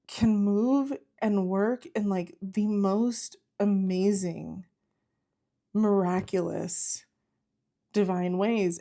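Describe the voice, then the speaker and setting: A woman's voice: mid-range voice, fairly even intonation, takes it slowly, warm tone. Earnest woman giving a tarot reading. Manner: earnest, encouraging, repeats herself, frequent "like". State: close to tears at times. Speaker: tarot reader. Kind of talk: spiritual tarot reading to camera.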